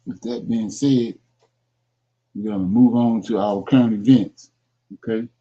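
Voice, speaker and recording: A man's voice: lowish voice, fairly even intonation, measured pace, dark tone, a little hiss or hum. A man teaching a Bible class, reading scripture aloud and stopping to explain the verses. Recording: dull lo-fi sound.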